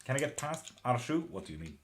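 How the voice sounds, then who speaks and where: A man doing live tarot readings, chatting breezily with viewers and answering questions quickly, with casual swearing. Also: medium pitch, sing-song, soft background music. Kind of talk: casual live-stream chat.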